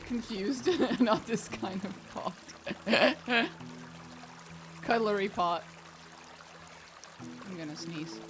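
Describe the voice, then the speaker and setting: A woman streaming a video game, chatting casually, excitable and swearing, often breaking into laughs. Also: medium pitch, drawn-out words, pauses often, music in the background. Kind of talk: casual gameplay commentary.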